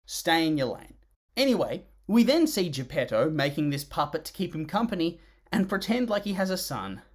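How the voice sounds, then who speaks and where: A film reviewer delivers scripted comedic narration, dripping with sarcasm and exasperation. The voice swings widely up and down in pitch for emphasis, punctuated by disgusted groans and sighs. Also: big pitch swings, normal speed.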